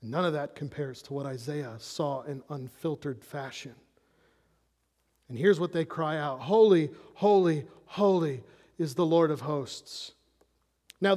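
A man preaching a sermon as pastor, animated and conversational, dropping into hushed awe at times. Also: high voice, long reverb tail.

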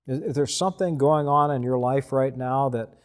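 A man preaching a sermon, earnest and unhurried, repeating words and pausing between phrases. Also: medium pitch, clean tone. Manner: slow, earnest preaching with repetitions and pauses. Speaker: pastor.

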